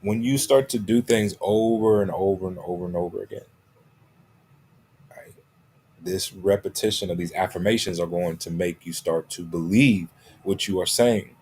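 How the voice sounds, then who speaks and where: In this motivational talk, a coach stresses and repeats his main points, often pausing to ask "right?" or "okay?". His voice sits low with a darkish tone at normal speed, and there's slight background noise.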